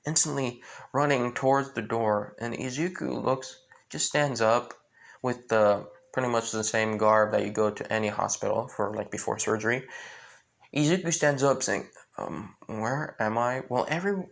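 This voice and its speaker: A man improvising a fan-fiction story in a halting, rambling way with many restarts. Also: mid-range voice, gravelly.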